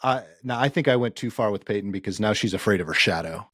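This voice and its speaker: A man guest co-hosting a podcast, chatting in an easygoing way and offering measured opinions. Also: lowish voice, lively intonation, a bit bright, breathy edge, no echo, studio quality. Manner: easygoing, frequent agreeing backchannels, measured opinions. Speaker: guest co-host. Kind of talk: casual chat.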